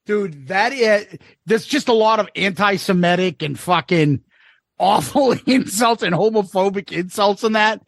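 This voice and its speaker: A man's voice: sits high, unhurried, gravelly, a bit bright, no room sound, studio quality. A man co-hosting a podcast in casual chat, blunt and profane, laughing often. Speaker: podcast co-host.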